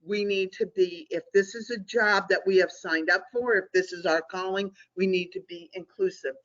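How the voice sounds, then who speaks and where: A woman's voice: mid-range voice, fairly even intonation, normal speed, fairly bright tone. A middle-aged woman presenting an online training webinar, talking conversationally and often checking in with "okay?". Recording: dull lo-fi webinar audio.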